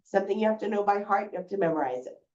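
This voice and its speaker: A woman's voice: mid-range voice, expressive, racing, darkish tone. Teacher woman explaining to parents, distant echo. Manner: clear, patient, explanatory. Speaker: first grade teacher. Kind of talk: explaining reading instruction to parents. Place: school room presenting to parents. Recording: roomy, distant, dull sound.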